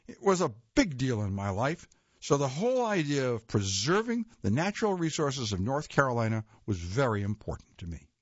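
A man with a husky voice reads nonfiction aloud, his pitch rising and falling with plenty of movement. The reading is measured, with a stumble or self-correction here and there. The recording is dull and lo-fi, with a dry, close sound. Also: wildly swooping pitch, dry recording. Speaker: reader. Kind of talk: read-aloud nonfiction narration.

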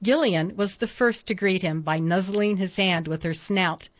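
A woman narrating a storybook at a steady pace, giving each character its own voice. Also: mid-range voice, normal speed, no room sound. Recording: dull lo-fi dry recording.

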